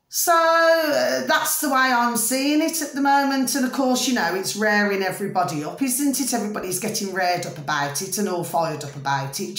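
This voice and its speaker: A woman's voice: a little high, echoey room. A middle-aged British woman chatting in a rambling way to her viewers, often checking that they follow her. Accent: British English. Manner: chatty, repeats "do you see what I mean?" and "ding ding". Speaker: vlogger. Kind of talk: rambling casual monologue to camera.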